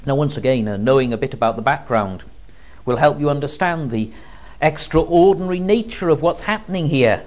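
A man preaching an expository Bible teaching, emphatic and expressive, with frequent ums. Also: fairly high pitch, brisk, lo-fi sound.

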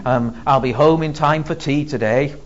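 A preacher voicing a reluctant farmer who makes mild, apologetic excuses in a lower, quieter voice. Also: male voice, normal speed, slight background noise, close to an everyday voice. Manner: mumbled, quieter and lower than his own voice. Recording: slightly dull lo-fi recording.

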